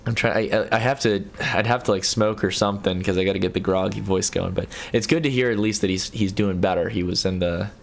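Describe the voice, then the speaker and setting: A man's voice: on the low side, fairly even intonation, quick pace, vocal fry, hardly any pauses, slight background noise. A young man hosting a late-night livestream, reading viewer messages aloud and answering them in a casual, stop-start way. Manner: reads viewer chat aloud and answers, with frequent restarts. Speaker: livestream host.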